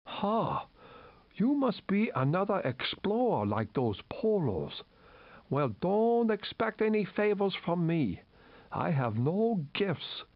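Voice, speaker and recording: A grumpy, stingy male trader from a retro video game, gruff and grumbling. His voice runs high and unhurried with wide swings. The sound is dull, dry and lo-fi. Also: big pitch swings, no echo, full character voice.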